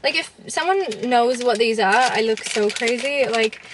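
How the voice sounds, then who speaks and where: A woman's voice: fairly high pitch, normal speed. A young woman chatting in a casual vlog from inside a car, bubbly and gushing with lots of fillers. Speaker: vlogger. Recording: noisy car recording.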